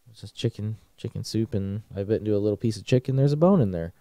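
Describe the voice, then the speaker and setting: Young male podcast co-host, low-pitched, rapid, casual delivery. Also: mellow, dry recording, clean studio sound. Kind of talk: casual chat.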